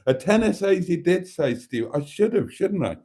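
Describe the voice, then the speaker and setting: Camp stream host, mellow and swooping, unhurried. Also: male voice, high-pitched, very animated. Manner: camp and theatrical, swooping voice, calls viewers darlings. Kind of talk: chatty live-stream hosting.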